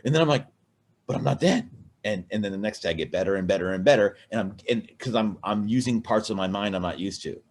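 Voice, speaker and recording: Rambling, cursing man, lowish voice. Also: fast talker, few pauses, a little hiss or hum. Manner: rambling, profane, many restarts. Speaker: podcast co-host. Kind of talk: casual drunken chat.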